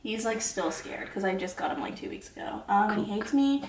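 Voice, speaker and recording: A woman's voice: medium pitch, animated, moderate pace, reverberant, background noise. A woman in her twenties chatting casually through a tour of her apartment bedroom, candid and cursing freely. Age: 20s. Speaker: vlogger giving a room tour. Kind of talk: casual chat.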